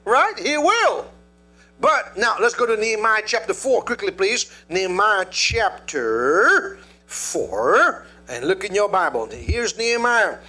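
A male preacher delivering a sermon, telling a story and calling out to the congregation in an animated way. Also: high voice, slow, husky.

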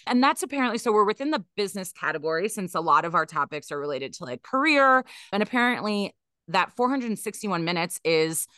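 A woman's voice: mid-range voice, very animated, a little fast, sharp tone, smooth, dry recording, clean studio sound. A woman co-hosting a podcast in casual chat, chatty and laughing often, with many fillers. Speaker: podcast co-host. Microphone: podcast mic.

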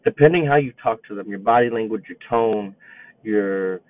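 A man's voice: lowish voice, normal speed, dry recording. Man in his twenties on a tinny line. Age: 20s. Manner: rambling, repeats himself, reflective. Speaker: teacher and coach. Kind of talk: casual storytelling monologue. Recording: tinny phone-like line, dry.

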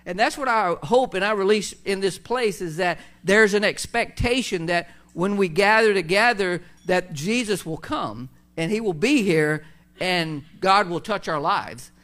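A pastor preaching a conversational sermon, full of fillers, restarts and asides to the congregation. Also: male voice, high voice, expressive, a little slow, a bit bright.

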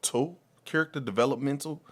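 Guy hosting a chill podcast, hyped and slangy, keeps going "and, and, and", pretty average pitch. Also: a little fast. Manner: animated, slangy, repeats words when starting sentences. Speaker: podcast host. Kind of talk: casual podcast chat.

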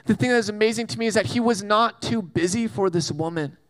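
High-voiced, animated young-sounding preacher man. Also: fast. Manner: animated, jokey storytelling with acted-out asides. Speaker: pastor. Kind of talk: casual sermon.

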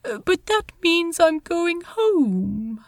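Aziraphale is a drunk, dreamy gentleman with fussy, prim phrasing, voiced by a woman. He drawls very slowly, lifting high and swooping widely. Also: big pitch swings, exaggerated voice. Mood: wistful drunk. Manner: slurred, dreamy, prim old-fashioned phrasing. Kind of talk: podfic character voice.

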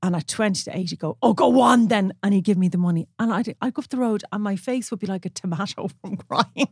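A woman's voice: medium pitch, fast talker, slightly rough, no echo, clean studio sound. An Irish woman co-hosting a podcast, telling long stories in a chatty way and acting out the voices of the people in them. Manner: chatty storyteller who acts out quoted voices. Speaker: podcast co-host. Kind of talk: casual chat, storytelling.

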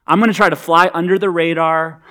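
Conversational male preacher, fairly high voice. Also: fairly even intonation, brisk, pushed and bright. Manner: conversational, humorous, emphatic. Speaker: pastor. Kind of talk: sermon.

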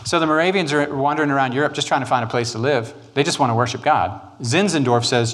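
A man, preaching a sermon on church history in an animated, joking way. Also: medium pitch. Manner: animated, joking, quick asides and put-on quotes. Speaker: pastor.

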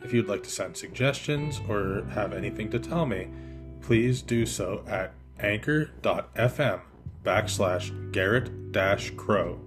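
A man hosting a podcast, reading a children's picture book aloud in an expressive way that slows down for effect. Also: lowish voice, music in the background. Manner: expressive, lively, slowing for effect.

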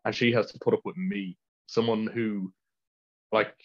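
A man's voice: on the low side, fairly even intonation, normal speed. Irish teen guy rambling on, giggles a lot, muffled lo-fi audio. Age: teens. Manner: rambling storyteller, laughs mid-sentence. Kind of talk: casual chat. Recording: dull lo-fi sound.

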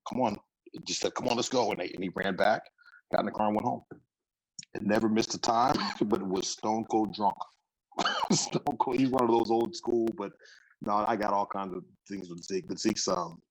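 A man's voice: low-pitched, vocal fry, slight background noise, low-quality recording. A middle-aged man, a football coach, telling stories in a casual interview, rambling and restarting his sentences. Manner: relaxed, rambling with frequent restarts.

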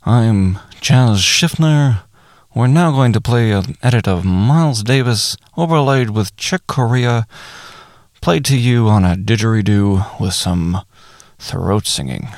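A man putting on the voice of a smooth public-radio announcer, slow, drawn-out and over-formal. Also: fairly low pitch, darkish tone, no room sound, studio quality. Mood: mock-formal.

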